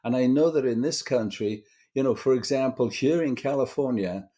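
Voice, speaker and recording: A man's voice: medium pitch, normal speed, mellow. An older man from Britain, a guest screenwriter telling rambling stories in a casual interview, full of fillers and restarts.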